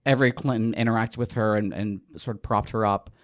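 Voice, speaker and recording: A man's voice: on the low side, fairly even intonation, a little fast, no echo, studio quality. A man hosting a podcast, chatting casually and telling stories with a wry edge. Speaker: podcast host.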